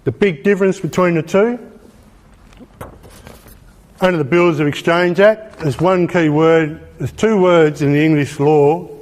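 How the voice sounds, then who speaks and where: A man's voice: fairly high pitch, a little mellow. Emphatic Australian man lecturing. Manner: emphatic, repeats phrases, asks rhetorical questions. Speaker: speaker. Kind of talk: informal presentation.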